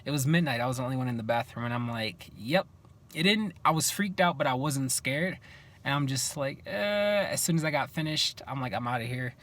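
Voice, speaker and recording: A young man vlogging, telling stories in a casual, animated way and acting out what each person said. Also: medium pitch, brisk. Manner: animated, acts out what people said. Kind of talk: casual storytelling to camera.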